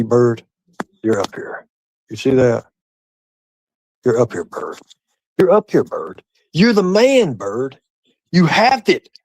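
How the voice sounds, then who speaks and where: A man hosting a casual livestream, talking to his chat and a guest. He taunts and mocks in a profane voice, dropping to low mutters and then jumping into high, excited outbursts. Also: husky, dry recording, poor audio. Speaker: livestream host. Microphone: streaming setup.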